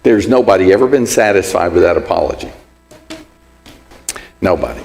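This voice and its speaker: Lively man teaching a church class. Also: low voice, normal speed, gravelly, long reverb tail. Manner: conversational, gives everyday examples and acts out sample apologies. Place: church hall.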